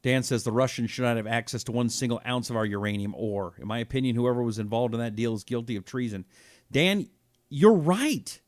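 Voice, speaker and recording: A man in his fifties hosting a political talk show, reading viewer comments and reacting with indignation, dropping to a hush and then rising loud. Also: mid-range voice, fairly quick, no echo, clean studio sound. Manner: heated and indignant, swings from hushed to loud.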